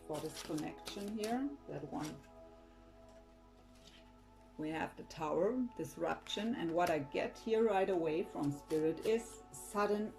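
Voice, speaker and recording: Low, mellow-voiced woman tarot reader. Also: low-quality recording. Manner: defensive, rambling with restarts and sighs. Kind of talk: casual tarot reading to camera.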